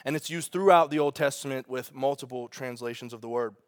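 A man preaching a sermon as pastor, animated and conversational, with asides to the congregation. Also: medium pitch, fairly quick.

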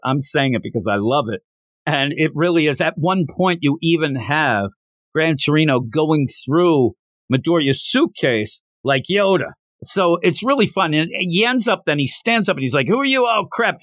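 Animated man recapping a manga. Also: on the high side, normal speed, no echo. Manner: animated, enthusiastic retelling. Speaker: podcast host.

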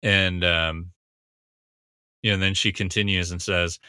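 A man's voice: low voice, little pitch movement, a little slow, bright, forceful tone, smooth, no echo, clean studio sound. A man giving a casual, analytical scene-by-scene commentary, recapping dialogue with frequent fillers.

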